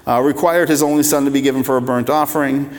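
A man's voice: medium pitch, fairly even intonation, fast talker. Man preaching in a reverberant hall. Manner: conversational, emphatic preaching with repeated phrases. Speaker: pastor. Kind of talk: sermon. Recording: long reverb of a large hall.

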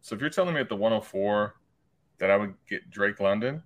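A man co-hosting a casual podcast, talking things through in a relaxed way. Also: lowish voice, brisk. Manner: relaxed, thinks aloud with restarts. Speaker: podcast co-host.

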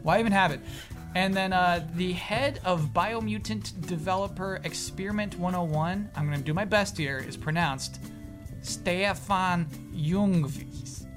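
A man's voice: high voice, moderate pace, music in the background. A man hosting a podcast in casual chat, upbeat and jokey, steering the talk between friends. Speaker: podcast host.

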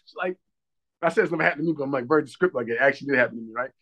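A man's voice: mid-range voice, rapid-fire, fairly bright tone. A man co-hosting a podcast, telling a story in casual, profane chat and acting out other people's lines with lots of energy. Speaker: podcast co-host.

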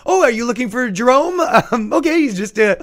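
A man's voice: very high voice, expressive, brisk, pitched above the performer's own voice. A man putting on the voice of a giggly, flustered young woman, stammering and nervous.

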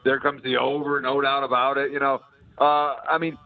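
A man's voice: mid-range voice, little pitch movement, normal speed, dry recording, phone-quality sound. A man appearing as a sports betting analyst guest, teasing the hosts in a wry, easygoing way. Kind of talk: casual sports betting chat.

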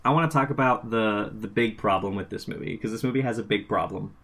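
A man's voice: on the low side, quick pace, noisy background. Man, podcast co-host, casual chat, rambling, emphatic, lots of fillers.

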